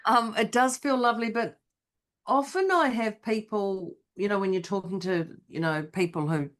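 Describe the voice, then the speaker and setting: An animated woman co-hosts a casual motivational podcast. She chats freely in a middle-pitched voice. She slips into little acted voices when she quotes people. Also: normal speed. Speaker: podcast co-host.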